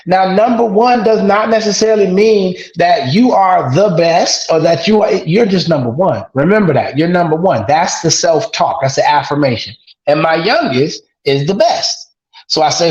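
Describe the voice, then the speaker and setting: Here a father of two daughters, slightly high-voiced and animated, speaks at a normal speed as a guest in a casual podcast interview. He talks earnestly and acts out the call-and-response phrases he repeats with his kids, and the recording is roomy and lo-fi.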